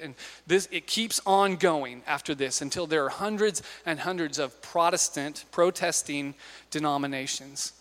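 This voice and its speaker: A man's voice: a little high, normal speed, a bit bright. A man preaching a sermon in a conversational, storytelling way, putting questions to the audience. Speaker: pastor. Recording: long hall reverb.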